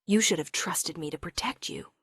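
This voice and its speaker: A woman voicing a powerful, scarred wolf king who speaks in a hushed, broken, emotional way. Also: lowish voice, normal speed, breathy edge, dry recording, studio quality. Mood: grieving. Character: powerful scarred male wolf king, grieving yet tender.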